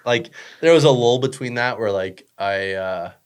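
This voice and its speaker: A young man with a smooth, mid-range voice at normal speed is a podcast guest in a casual chat. He rambles with lots of fillers, swearing and joking.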